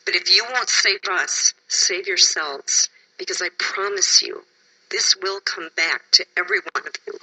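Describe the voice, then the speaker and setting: A woman from Wisconsin testifies at a public hearing, tired and emotional. Her voice is very bright but husky. She pleads with the panel and at times sinks to a whisper. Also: lowish voice, rough recording. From Wisconsin, USA.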